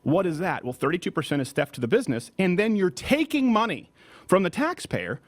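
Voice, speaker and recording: A man hosting a political talk show with a quick, animated delivery. His pitch swings widely and sits a little high. He mocks his targets with a sharp edge. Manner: animated, mocking, breaks into shouted impressions. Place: studio.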